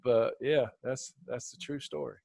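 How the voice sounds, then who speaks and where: Man, podcast host, casual storytelling, acts out quotes, mid pitch, dry close sound. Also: steady tone, unhurried, vocal fry, mellow, dry recording.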